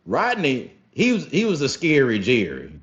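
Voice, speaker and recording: A young man telling a story casually to his viewers, animated and profane, often calling them y'all. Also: mid-range voice, normal speed. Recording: slightly dull lo-fi sound with faint music.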